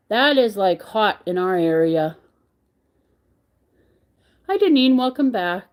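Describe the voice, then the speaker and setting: Unhurried woman chatting on a livestream. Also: mid-range voice, expressive, a little mellow. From Canada. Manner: chatty, greeting viewers by name while reading the chat. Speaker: crochet livestream host. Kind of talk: casual livestream chat.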